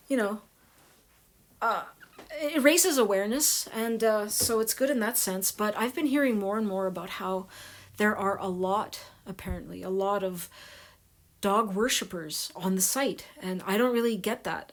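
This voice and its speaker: A woman hosting her own video channel, talking casually to her viewers in a soft voice that they compare to ASMR, with many pauses and fillers. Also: medium pitch.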